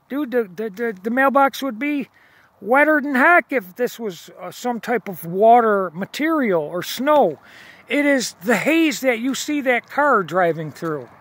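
Man, high voice, slow and insistent, repeating himself to viewers, phone recording outdoors at night. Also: a bit bright. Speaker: video blogger. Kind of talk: filming outdoors, talking to viewers. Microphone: phone camera held while filming.

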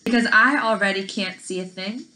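A wry grandfather who jokes about his own eyes, voiced by a woman reading a novel aloud. Her tone stays bright and clear, close to her everyday voice. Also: medium pitch, normal speed, natural voice, poor audio. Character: grandfather who cannot see.

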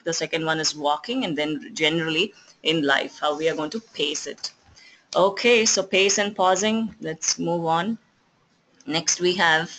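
A communication skills trainer with an Indian English accent, lecturing at an even pace and often pausing on fillers and restarts. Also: mid-range voice, low-quality recording. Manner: explanatory, with frequent fillers and restarts.

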